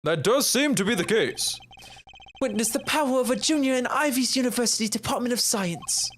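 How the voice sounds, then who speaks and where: A man's voice: extremely high pitch, expressive, fairly quick, a bit bright, exaggerated voice. Man doing a pompous lecturing witness. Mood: smug. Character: pompous, long-winded male science student witness. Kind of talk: fan voice acting of a game.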